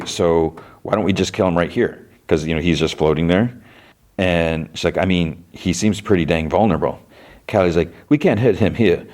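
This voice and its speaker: A man's voice: low-pitched, a little mellow. A man hosting a podcast, recapping a TV episode in a casual, rambling way, full of fillers and restarts, acting out the characters' lines. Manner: rambling, many fillers and restarts, acts out quotes.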